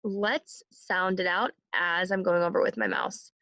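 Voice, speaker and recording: A woman's voice: lowish voice, fairly even intonation, sharp tone, dry recording. Patient woman teaching young children. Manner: slow, clear and encouraging, models sounds for the class to repeat. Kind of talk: phonics lesson for young children.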